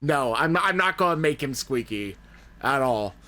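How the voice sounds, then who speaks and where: A man's voice: mid-range voice, animated, unhurried, sharp tone, slight background noise. A man playing a tabletop game, describing his character's actions in a rambling, wry, self-mocking way. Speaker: player. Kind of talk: casual tabletop game chat.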